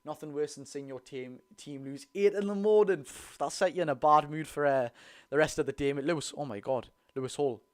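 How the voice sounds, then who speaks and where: A man's voice: on the high side, a little fast. A man with a Geordie accent giving blunt, chatty live commentary on a football match while thanking viewers in between. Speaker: football watch-along streamer. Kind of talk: live watch-along commentary and chat.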